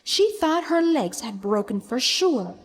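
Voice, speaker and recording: A woman teacher reads a children's audiobook. She narrates slowly, with a lively, rising and falling voice, and a fairly high pitch. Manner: expressive, animated storytelling. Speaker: teacher reading a storybook.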